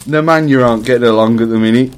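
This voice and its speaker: A man's voice: medium pitch, very fast, clear, resonant tone, rough recording. A man hosting a joking casual chat with friends, laid-back. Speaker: host.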